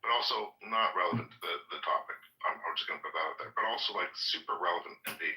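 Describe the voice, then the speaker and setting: A man's voice: deep voice, quick pace, pushed and bright, echoey room, low-quality recording. A Canadian man rambling with mock earnestness and many fillers in a group voice chat.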